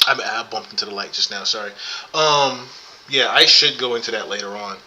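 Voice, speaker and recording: Bright-voiced man rambling on a podcast. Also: on the low side, a little fast, low-quality recording. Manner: rambling, filler-heavy, thinks aloud. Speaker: podcast host. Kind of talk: casual commentary chat.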